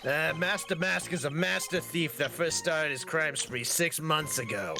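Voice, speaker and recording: A man's voice: a little high, measured pace, gravelly. Man playing a bumbling nervous cop, stammering, game music behind. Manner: hesitant, stammering. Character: nervous bumbling male police officer.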